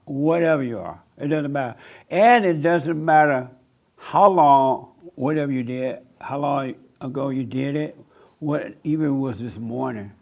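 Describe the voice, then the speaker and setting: A man's voice: medium pitch, a little slow, creaky. A man preaching to a live audience, emphatic, repeating phrases and asking rhetorical questions, with teasing asides.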